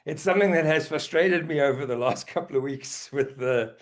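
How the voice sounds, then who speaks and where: A South African man talking easily as a podcast guest. He sounds relaxed and pokes fun at himself, and he is quick to laugh. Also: a little high. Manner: laid-back, self-deprecating, laughs easily. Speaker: guest musician. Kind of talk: casual podcast chat.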